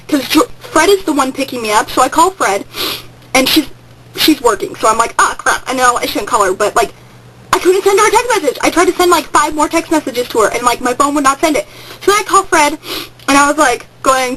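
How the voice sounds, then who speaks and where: A woman's voice: high-pitched, expressive, brisk, noisy background. A teenage girl telling a rambling story on a home webcam vlog, hyper and jumping into sudden squeals. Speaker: vlogger. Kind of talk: casual excited vlog storytelling.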